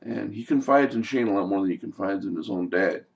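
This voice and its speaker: A man's voice: deep voice, fairly quick, gravelly, distant mic, highs cut off. A man giving a heated, profane, exasperated recap of a TV episode in a casual rant. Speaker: TV show commentator.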